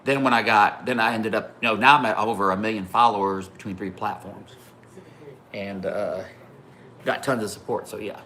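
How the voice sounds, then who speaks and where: A man's voice: on the low side, moderate pace, slight background noise. A man hosting a livestream, telling casual swearing stories to his chat and greeting viewers by name between them. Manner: animated, swearing, laughing through anecdotes. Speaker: livestream host. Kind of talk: casual storytelling to a live chat.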